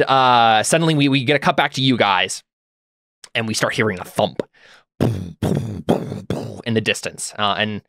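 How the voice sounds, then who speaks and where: A man's voice: fairly low pitch, bright, forceful tone, no echo, clean studio sound. A young man narrating a tabletop game as game master, rambling with many fillers and self-corrections.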